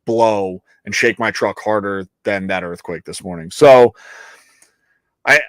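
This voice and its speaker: A man's voice: on the low side, measured pace, a bit bright, no room sound. A man co-hosting and producing a live outdoors show, rambling casually, joking and swearing with frequent restarts. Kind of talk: casual live-stream chat. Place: New York.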